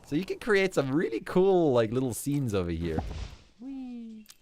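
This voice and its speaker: A man hosting a relaxed game livestream in casual commentary, upbeat and chuckling often. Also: medium pitch, a little fast, a little hiss or hum. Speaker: livestream host.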